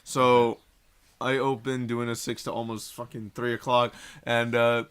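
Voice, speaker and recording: A young man with a bright, forceful voice swaps work stories on a casual podcast. He talks in loose, profanity-heavy slang, pitched in the middle of the male range. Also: unhurried, clear, resonant tone. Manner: profane, animated retelling with slang. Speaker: podcast co-host. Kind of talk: casual storytelling chat.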